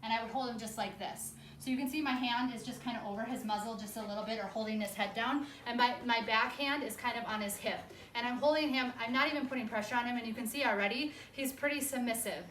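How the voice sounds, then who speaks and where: A woman dog trainer who explains a hands-on training session step by step and breaks off for sharp, firm commands to the dog. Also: fairly high pitch, quick pace, few pauses, a little hiss or hum. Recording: echoey room with faint ambience.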